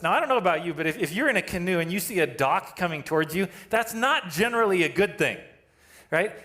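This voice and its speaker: A man's voice: fairly high pitch, a bit bright. A male pastor preaching a sermon, telling a story with self-deprecating humor and laughing at himself. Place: church sanctuary.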